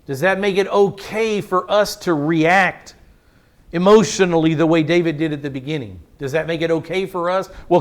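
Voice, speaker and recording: A male pastor delivers a sermon in a fairly high voice. He draws out key words for emphasis and puts rhetorical questions to his listeners. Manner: preaching with slow drawn-out emphasis and rhetorical questions.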